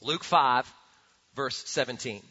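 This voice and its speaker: A man preaching a sermon as a pastor, earnest and animated, often repeating words as he builds a point. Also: mid-range voice, takes it slowly, slightly rough. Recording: dull sound with long hall reverb.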